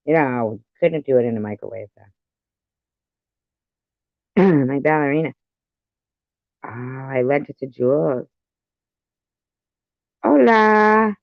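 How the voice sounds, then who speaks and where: A woman's voice: very deep voice, measured pace, long pauses, dry recording, muffled recording. A woman hosting a casual live stream, rambling with silly sing-song asides and frequent laughter.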